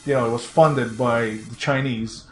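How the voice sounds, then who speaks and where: A man chatting casually while playing a game, rambling excitedly, laughing often and swearing casually. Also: mid-range voice, moderate pace. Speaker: co-host of a retro gaming show. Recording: echoey room with faint background noise.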